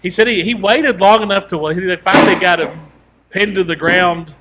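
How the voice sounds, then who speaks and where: A man's voice: high-pitched, brisk, noisy background. A man co-hosting a podcast, telling a long story in casual chat and rambling through quoted asides and restarts. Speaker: podcast co-host.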